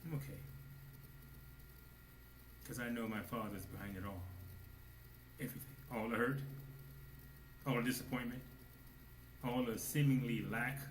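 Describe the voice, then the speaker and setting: A man preaching a sermon, swinging between hushed low asides and loud exclamations, at times speaking as God in the first person. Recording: echoey room with faint noise.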